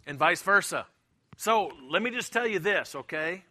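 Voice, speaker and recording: A man's voice: sits high, lively intonation, normal speed, sharp tone. A middle-aged man preaching a sermon as pastor, emphatic and repetitive, sometimes acting out the voices of people he quotes. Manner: emphatic, acts out quoted voices, repeats himself.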